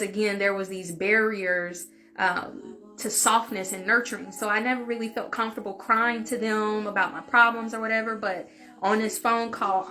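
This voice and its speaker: Bright-voiced woman telling a tearful story. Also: mid-range voice. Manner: emotional, confessional, speaks openly and with feeling. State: tearful at times. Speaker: vlogger. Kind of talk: emotional story time.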